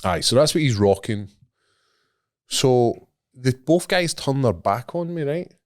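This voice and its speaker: A man's voice: mid-range voice, lively intonation, measured pace, no echo, studio quality. Sweary Scottish man telling a story. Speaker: podcast co-host. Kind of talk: casual storytelling chat.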